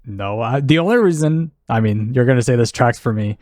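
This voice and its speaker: A man's voice: mid-range voice, expressive, a little fast, darkish tone, dry recording, studio quality. Joking young man laughing a lot. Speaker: podcast co-host. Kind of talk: casual chat.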